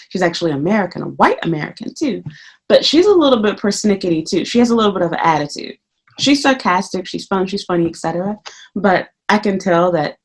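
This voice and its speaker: Woman venting profanely in a vlog. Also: medium pitch. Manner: profane, animated storytelling; acts out her own quoted remarks. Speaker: English teacher in Japan.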